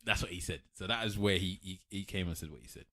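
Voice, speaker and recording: A man's voice: deep voice, quick pace. A man co-hosting a podcast, chatting casually and retelling stories with quotes. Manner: animated storytelling, reads out quotes. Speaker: podcast co-host. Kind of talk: casual chat.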